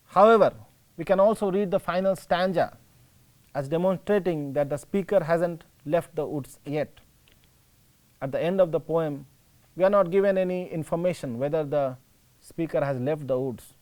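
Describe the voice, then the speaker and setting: A male teacher with an Indian English accent, giving a slow, explanatory classroom lecture and rephrasing his points. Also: fairly high pitch, darkish tone.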